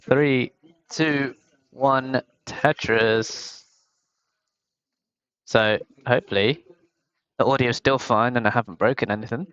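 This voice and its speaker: A young man from the UK commentates a game tournament on his own, talking slowly and wandering off topic. He keeps poking fun at himself in an easy, chatty way. His voice is smooth, and it comes through a headset with dull lo-fi sound. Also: mid-range voice, fairly even intonation, a bit bright. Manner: rambling, self-mocking, chatty. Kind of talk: casual solo game commentary.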